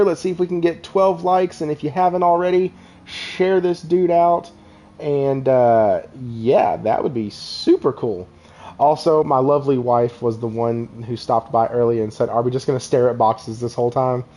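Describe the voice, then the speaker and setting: A man's voice: mid-range voice, mellow. A young man hosts a casual live stream, rambling and laughing as he talks to viewers in the chat. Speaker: podcast host.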